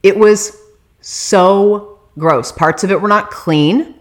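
A woman telling a story on her vlog in a casual, animated and exasperated way, swearing freely. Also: medium pitch, slow.

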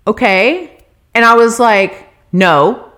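A woman telling a story on her vlog in a casual, animated and exasperated way, swearing freely. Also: a little high, takes it slowly.

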